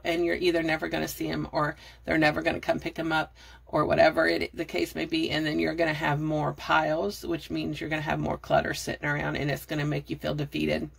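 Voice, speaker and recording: A woman's voice: deep voice, vocal fry, slightly rough. A middle-aged woman, out of breath, giving chatty, rambling decluttering tips to her phone camera. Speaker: budgeting and decluttering vlogger. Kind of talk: casual how-to talk to camera.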